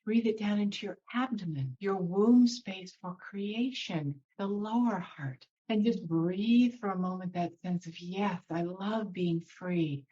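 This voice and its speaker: A woman guest speaking as a spiritual teacher, guiding a slow breathing meditation and then talking about emotions in a soothing way. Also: medium pitch, mellow, muffled recording. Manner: soothing, slows down to guide breathing. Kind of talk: guided meditation and spiritual talk.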